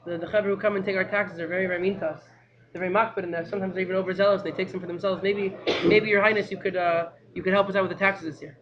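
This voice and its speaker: A man voicing a humble elderly Hasidic rebbe who makes halting, polite requests. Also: sits high, little pitch movement, dull audio, lightly acted. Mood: humbly pleading.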